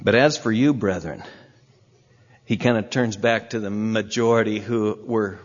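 A man preaching a sermon as pastor, earnest, swinging from emphatic high peaks to low, soft exhortation. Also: measured pace. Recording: muffled long-reverb hall sound.

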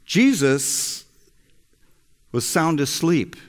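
A male preacher telling a story in a sermon, unhurried, with a voice that rises and falls freely. The sound rings with the long reverb of a large hall. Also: a little high, big pitch swings. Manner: slow, storytelling delivery. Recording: echoey hall.

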